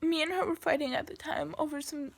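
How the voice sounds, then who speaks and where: A young woman telling a painful personal story to camera, slow and halting, with many pauses and restarts. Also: high voice, steady tone, creaky.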